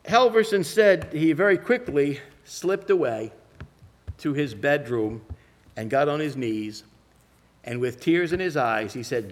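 A man preaching a sermon, telling folksy stories and slowing down to press his points. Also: fairly high pitch, expressive. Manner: folksy storytelling with slow emphatic phrasing.

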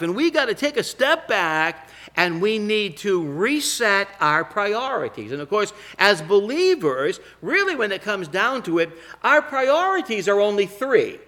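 Middle-aged male pastor, high bright voice, preaches with emphatic pauses. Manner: emphatic, slowing down on key phrases. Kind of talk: sermon with scripture reading.

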